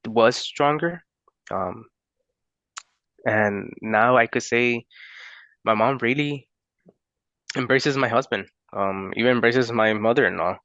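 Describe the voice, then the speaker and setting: A young man from Florida telling a personal story in a halting, unhurried way with many pauses and fillers. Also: lowish voice, vocal fry, bright, forceful tone, no room sound, highs cut off.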